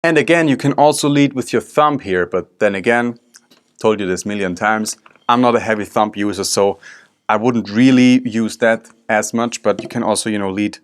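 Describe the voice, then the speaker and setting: A man's voice: lowish voice, moderate pace, background noise. A man teaching a drum technique lesson, explaining step by step while he demonstrates. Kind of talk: instructional video lesson. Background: drum strokes and music.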